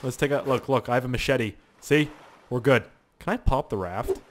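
A man's voice: mid-range voice, normal speed, slight background noise. A young man commentating a survival game, rambling, joking and talking to himself. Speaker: gaming channel host. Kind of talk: let's play game commentary.

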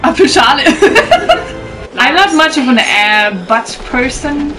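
Woman streamer, high lively voice, slow, game music loud behind. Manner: excitable, swears a lot, squeals and laughs. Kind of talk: live gameplay reactions.

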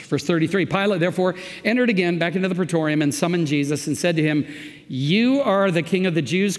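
A man preaching a verse-by-verse sermon as a pastor, talking conversationally and reading the text with emphatic, animated delivery. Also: fairly high pitch, vocal fry. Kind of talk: expository sermon. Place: church sanctuary. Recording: long church reverb.

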